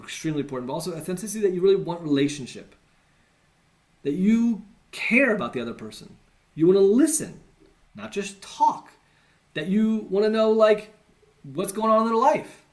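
A man from the United States giving a conversational teaching talk, earnest with self-deprecating asides. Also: on the high side. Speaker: teacher on evangelism.

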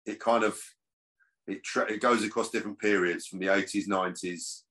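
A man's voice: lowish voice, fairly even intonation, normal speed, fairly bright tone. A man, an actor chatting as a podcast guest, rambling with restarts. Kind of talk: casual podcast chat.

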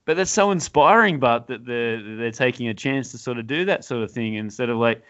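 A man's voice: mid-range voice, fairly quick, hardly any pauses, a bit bright, muffled recording. A man hosting a podcast, chatty and agreeable, interviewing his guest. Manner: chatty, agreeable, lots of "yes". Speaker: podcast host. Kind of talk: casual interview chat.

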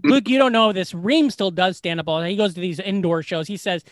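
A man's voice: sits high, fast talker, no room sound, clean studio sound. A man co-hosting a comedy podcast from home, chatting loosely with lots of fillers and laughter. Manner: rambling, laughing, filler-heavy. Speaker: podcast co-host. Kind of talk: casual comedic chat. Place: home living room.

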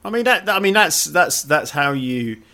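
A man's voice: a little high, expressive, normal speed, sharp tone. A man co-hosting a casual podcast, reading plot summaries aloud and breaking off for jokey asides. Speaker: podcast co-host. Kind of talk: casual movie recap chat.

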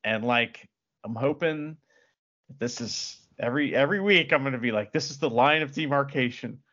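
A man co-hosting a casual wrestling podcast, joking and animated, often laughing. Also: mid-range voice, moderate pace, highs cut off. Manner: joking, animated, breaks into laughter and shouted crowd impressions. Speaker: podcast co-host.

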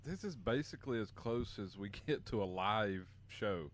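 A man's voice: on the low side, animated, moderate pace. A man co-hosting a podcast in casual chat, easygoing and self-deprecating. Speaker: podcast co-host and interviewer.

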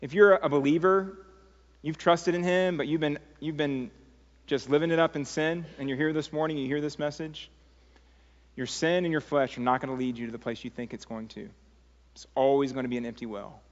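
A man preaching a sermon as pastor, earnest and pleading, telling stories with many fillers. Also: fairly high pitch. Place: church sanctuary. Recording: dull sound in a long-reverb sanctuary.

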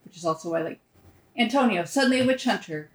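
A woman's voice: medium pitch, lively intonation, fast, echoey room. A woman in a casual book chat, talking in a dry, matter-of-fact way. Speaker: book club member.

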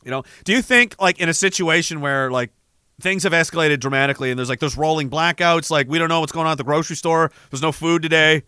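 Heated, profane man ranting, bright voice. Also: a little high, quick pace, clean tone, no room sound, clean studio sound. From Canada. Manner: profane, heated, rambling with frequent restarts. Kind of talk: ranting casual monologue.

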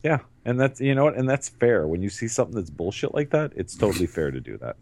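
A man's voice: on the low side, big pitch swings, fast, darkish tone, a little hiss or hum. A man co-hosting a podcast in casual chat, laughing often and swearing freely as he riffs. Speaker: podcast co-host.

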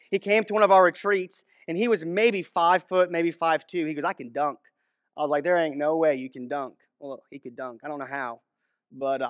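A man's voice: on the high side, a bit bright, no echo, studio quality. A man giving a conversational sermon, telling stories and acting out quotes, often restarting his sentences. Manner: conversational, storytelling, frequent restarts and acted-out quotes. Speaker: preacher.

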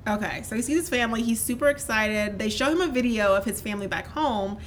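A woman with a fairly high voice recaps scenes in a brisk, casual chat, full of "like" and "you know." A faint low rumble sits under the recording. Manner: fast, animated retelling with many fillers. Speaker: podcast co-host.

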